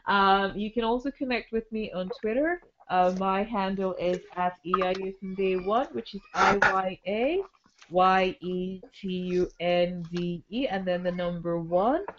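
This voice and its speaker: A woman hosts a podcast in a loose, chatty way, her voice a little hoarse from a cold. She fills her pauses with ums and laughs easily. Her voice sits at a middling pitch, and the sound is somewhat dull and lo-fi. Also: noisy background. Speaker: podcast host. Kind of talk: casual podcast chat.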